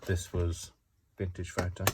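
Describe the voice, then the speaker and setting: A man's voice: sits low, monotone, measured pace, very noisy. A man hosting a casual craft tutorial, chatting and rambling to himself as he works. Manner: chatty, rambling, self-talking while working.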